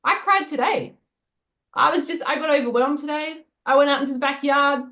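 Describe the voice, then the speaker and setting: A woman's voice: high-pitched, steady tone, quick pace, fairly bright tone, low-quality recording. A woman with an Australian accent, co-hosting an interview and speaking candidly and personally in casual conversation. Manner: candid, personal, laughs easily. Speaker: co-host interviewer.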